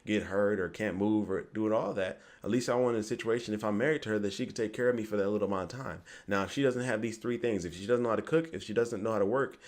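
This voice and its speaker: Fast-talking deep-voiced young man. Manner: rambling, repeats "you get me", acts out quoted lines. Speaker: vlogger giving dating advice. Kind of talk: casual advice monologue to camera.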